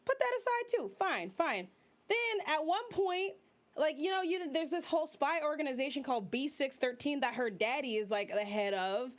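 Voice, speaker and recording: A young woman VTuber host giving casual, profane, animated commentary, exclaiming as she rants. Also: high-pitched, normal speed.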